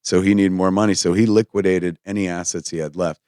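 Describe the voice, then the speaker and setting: A middle-aged man, a filmmaker guest in a radio studio, telling anecdotes in a casual, animated way and acting out the voices of the people in his stories. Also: low voice, fairly quick, dry recording. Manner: animated anecdote-teller, acts out quoted voices. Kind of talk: casual storytelling interview.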